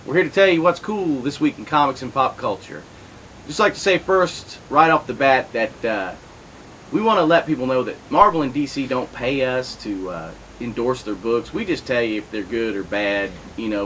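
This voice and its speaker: A man's voice: mid-range voice, fairly bright tone, slight background noise, poor audio. A middle-aged man hosting a comics show, rambling through casual commentary with lots of asides and restarts.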